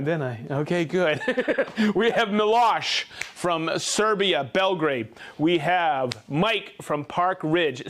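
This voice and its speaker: A man's voice: a little high, a bit bright. A man hosting a live tool show, chatty and informal, demonstrating gear and reading out viewers' names and hometowns. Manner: informal, with restarts and asides. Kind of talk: live product demo and viewer shout-outs.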